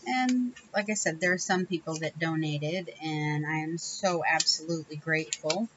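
A woman's voice: low-pitched, normal speed, muffled recording, noisy background. A woman hosting a casual crafting video, chatting in a rambling, self-correcting way with small laughs. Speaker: crafting channel host. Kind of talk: casual crafting tutorial chat.

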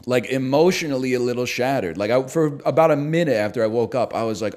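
A man's voice: mid-range voice, animated, fast, darkish tone. A man in his thirties from Canada, chatting casually on a stream in a rambling, sardonic way and swearing freely.

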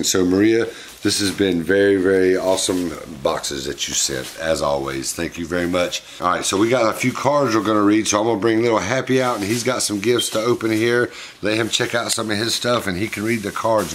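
Brief: lower-voiced man, casual unboxing vlog host, fond and chatty, clear background noise. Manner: chatty, fond, talks to his pets. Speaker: pet monkey owner and channel host.

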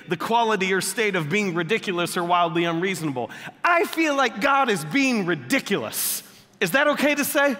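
High, bright-voiced pastor preaching. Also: male voice. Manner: animated, joking and conversational. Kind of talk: sermon. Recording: long echoey hall reverb.

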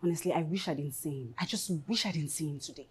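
An actress playing a bitter young woman venting scornfully about her ex, with a Nigerian accent and a husky voice. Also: low-pitched, fast talker.

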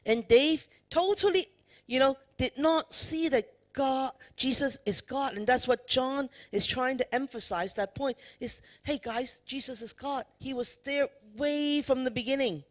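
A woman's voice: high-pitched, unhurried. A woman preacher giving an emphatic sermon, asking the congregation questions. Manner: emphatic, addresses the congregation with questions and "you know" fillers. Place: church worship service.

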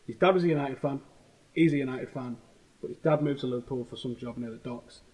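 Fast-talking Manchester man, husky voice. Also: mid-range voice, poor audio. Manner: animated storytelling, heavy swearing, slangy. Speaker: host. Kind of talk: casual chat.

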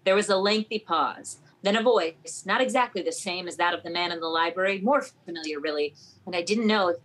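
Female podcast co-host, lower voice, calm reader with deadpan quips. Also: a little fast. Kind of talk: reading a novel aloud.

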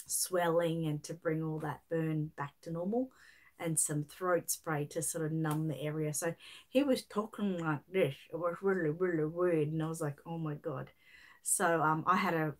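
A woman's voice: medium pitch, fairly bright tone. A middle-aged Australian woman hosts a casual livestream, her voice a little throaty from a lingering chest infection. She chats easily and reads out viewers' comments as she goes. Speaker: livestream host.

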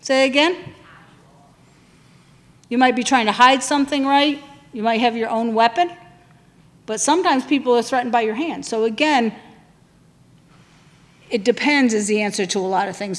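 A woman's voice: a little high, in a large hall. A woman leading a training session, talking conversationally and putting questions to the room.

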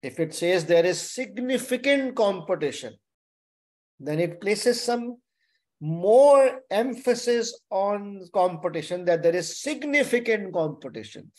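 Male tutor, webinar lecture, slow and deliberate, repeats points. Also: sits high, lively intonation. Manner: repeats key points, checks in with "okay?". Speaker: exam tutor. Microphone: webinar microphone.

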